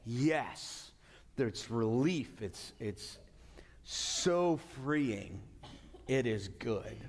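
Male pastor, mid-pitch, earnest and emphatic with frequent restarts, preaching in a long-reverb hall. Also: animated. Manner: earnest, repetitive restarts, drawn-out emphatic words. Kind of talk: sermon. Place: church sanctuary.

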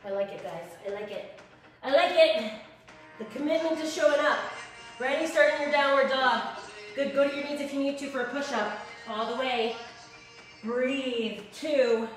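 Peppy fitness coach lady, kinda high voice, bit breathless, very echoey room, some music behind. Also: moderate pace, pauses often, recorded from a distance. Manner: upbeat, encouraging, counting reps. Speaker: fitness instructor. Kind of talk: live workout class instruction.

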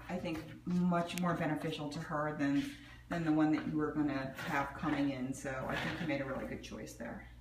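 A woman working as a cat boarding caretaker, filming a video update that reassures a pet owner, with an unhurried manner and some fillers. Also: on the low side. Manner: coaxing, soft baby-talk to a shy cat. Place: cat boarding room indoors. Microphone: phone camera held while filming. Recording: roomy, distant phone audio with clear background noise.

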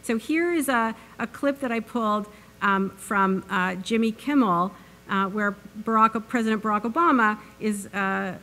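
A woman's voice: medium pitch, a little slow, bright, forceful tone. Earnest woman giving a university lecture. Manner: earnest, with many fillers and restarts. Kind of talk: academic public lecture.

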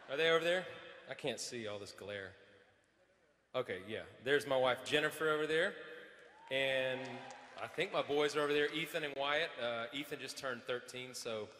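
Man, band member, relaxed unhurried stage chat, bright forward voice, long stadium reverb. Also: medium pitch, slight background noise. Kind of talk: live stage banter.

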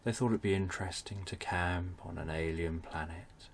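A man narrating a bedtime story for adults, speaking in a soft, soothing way. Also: sits low, normal speed, vocal fry, slight background noise.

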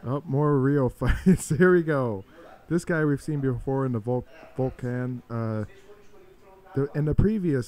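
A man giving casual live-stream commentary on fight videos, swearing freely, laughing often and breaking into excited shouts. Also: mid-range voice.

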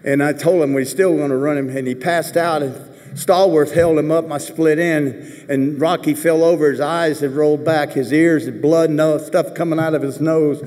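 Speaking at a normal speed in a slightly high voice, a man delivers a commencement speech as a rambling string of anecdotes. He's an animated storyteller, tossing in jokey asides and acting out the voices he quotes. The big ceremony hall gives the recording a long reverb.

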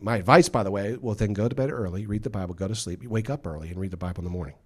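A man's voice: lowish voice, very fast, darkish tone. A male pastor delivering a sermon with emphatic delivery, acting out the voices he quotes. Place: church.

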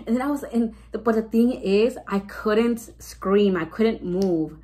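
A woman's voice: mid-range voice, unhurried, few pauses, warm tone, poor audio. A pregnant young woman chatting casually to her viewers, rambling with lots of "like" and restarts and slipping Spanish words in. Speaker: vlogger. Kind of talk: casual storytime chat.

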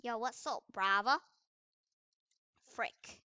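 A young woman giving casual commentary over a game she is playing, swinging between loud trash talk and quiet mumbled asides. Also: on the high side, slow pace, smooth, no room sound, muffled recording. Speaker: gaming video creator.

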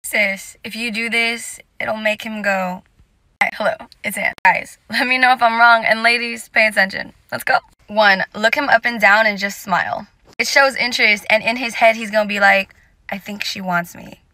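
A woman's voice: fairly high pitch, steady tone, normal speed, bright, forceful tone, no echo. A young woman giving casual dating advice straight to camera, sassy and direct, calling her listeners sis.

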